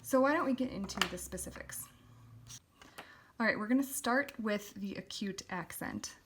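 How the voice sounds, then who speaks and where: Over some background noise, a woman with a mid-range voice teaches a lettering lesson at normal speed. As a calligraphy teacher, she explains each step patiently, with the occasional filler.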